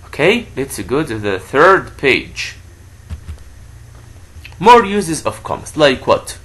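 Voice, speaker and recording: A man teaching a grammar lesson to children, who repeats words slowly for a pupil to say back. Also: mid-range voice, very animated, a bit bright, slightly rough.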